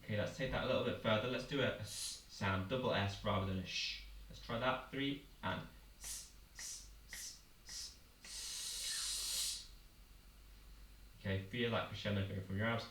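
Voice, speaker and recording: A vocal coach leads a warm-up with patient, encouraging instruction and demonstrations, his voice sitting a little low. He talks fast with hardly any pauses. The sound is roomy, picked up far off the mic with faint ambience behind him.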